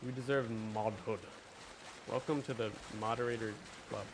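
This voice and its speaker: A man's voice: medium pitch, fairly even intonation, moderate pace, background noise. A young man hosting a casual livestream, chatty and rambling as he talks to his chat. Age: young adult. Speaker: livestream host.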